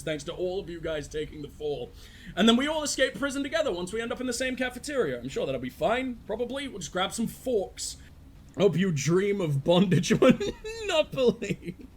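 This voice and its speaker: A man commentating on his own video game play, loud, sweary and self-mocking, breaking into panicked yells during fights. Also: sits high. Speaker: gaming channel host.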